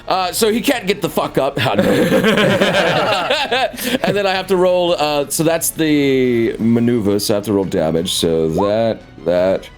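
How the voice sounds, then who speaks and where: A man playing a tabletop game in casual chat, excitable and laughing, swearing freely. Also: on the high side, unhurried, faint music behind. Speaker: player.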